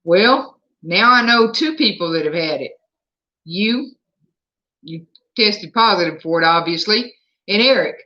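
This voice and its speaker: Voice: mid-range voice, expressive, measured pace. A livestream host with a Southern US accent, chatting casually at home and answering viewer comments aloud. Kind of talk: casual live chat. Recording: slightly dull lo-fi sound.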